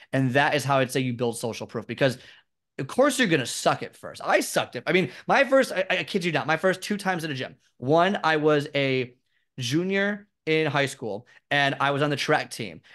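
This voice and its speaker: A man's voice: fairly high pitch, animated, moderate pace, fairly bright tone. A man, a fitness expert chatting as an interview guest, rambling and self-deprecating as he tells stories. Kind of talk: casual interview storytelling.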